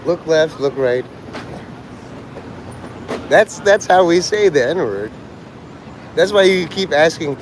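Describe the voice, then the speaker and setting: A man's voice: on the high side, expressive, takes it slowly, long pauses, slight background noise, low-quality recording. A man livestreaming outdoors on a city street, rambling crudely and joking provocatively.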